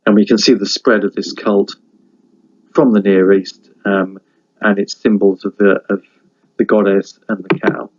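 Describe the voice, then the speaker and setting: A man giving a university lecture, halting with many fillers and restarts, stopping now and then to read a folk tale aloud. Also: fairly low pitch, little pitch movement, lo-fi sound. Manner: reads folk tale aloud between comments.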